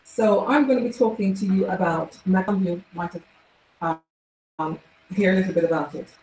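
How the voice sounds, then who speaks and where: A woman's voice: on the low side, moderate pace, a little mellow. Chatty woman speaking in an echoey room. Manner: chatty, with many fillers and restarts. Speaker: guest speaker. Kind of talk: casual public talk. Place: large event room. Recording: echoey room with faint background noise.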